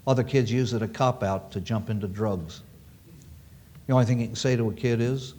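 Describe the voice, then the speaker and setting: A man's voice: medium pitch, a little fast, dark tone, a little hiss or hum. A man preaching a sermon to an audience, emphatic and repeating key phrases for weight.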